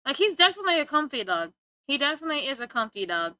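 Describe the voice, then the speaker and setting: A woman's voice: high voice, big pitch swings, very fast, bright, forceful tone, no room sound. A young woman streamer chatting playfully with her viewers, teasing and giggling as she talks. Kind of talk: casual chat with stream viewers.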